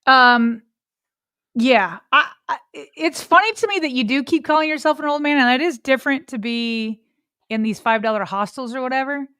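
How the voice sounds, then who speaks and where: A woman's voice: high voice, moderate pace, sharp tone, clear, resonant tone, no echo, studio quality. A woman in her forties co-hosting a podcast, chatty and encouraging, with a lot of filler words. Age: 40s. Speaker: podcast co-host. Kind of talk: casual chat.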